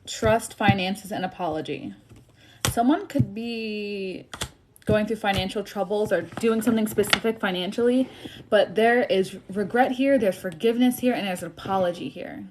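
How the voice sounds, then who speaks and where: A woman's voice: mid-range voice, moderate pace, noisy background. A young woman giving a tarot reading on a live stream, chatty and sassy, often laughing. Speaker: tarot reader.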